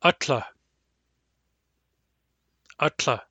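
A male language teacher, sharp in tone, records a lesson in which he carefully repeats each word and explains its pronunciation. Measured and slow, he spells out and repeats every word, with no echo in the recording.

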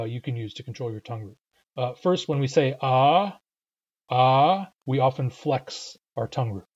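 Patient man teaching pronunciation, husky voice. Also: mid-range voice, mellow, lo-fi sound. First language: English. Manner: patient, explanatory, frequent uh fillers. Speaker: language teacher. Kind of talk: recorded pronunciation lesson.

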